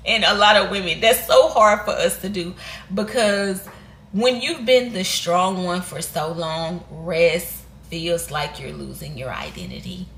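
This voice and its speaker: A woman's voice: fairly low pitch, a bit bright, a little hiss or hum. A woman, talking candidly in a sit-down reflective vlog, rambling and restarting as she goes. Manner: candid and rambling, with restarts and Southern US American slang. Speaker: vlogger. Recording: echoey room.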